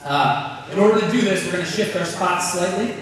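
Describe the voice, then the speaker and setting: A basketball coach with a high voice runs a clinic, calling out quick repeated cues and joking with his players. He is picked up from far away in a big, booming gym with a long reverb tail. Faint room noise sits underneath. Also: crowd noise. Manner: calls out drill cues in quick repeated bursts; joking, encouraging. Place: large gym.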